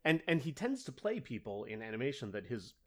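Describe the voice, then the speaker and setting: A man with a medium-pitched voice speaks fairly quickly and very animatedly as a podcast co-host. His casual chat is full of fillers and restarts.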